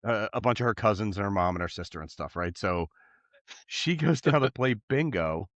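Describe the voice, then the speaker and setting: A man's voice: fairly low pitch, animated, normal speed, fairly bright tone, no room sound. A man co-hosting a podcast who tells a long story in a casual, rambling way, laughing as he goes. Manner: rambling, laughing anecdote teller. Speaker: podcast co-host.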